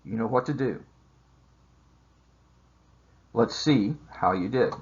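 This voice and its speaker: Male math instructor, husky voice, measured explanatory delivery, dull lo-fi recording. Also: medium pitch. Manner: measured, explanatory, with frequent "uh" fillers. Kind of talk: recorded lecture over slides.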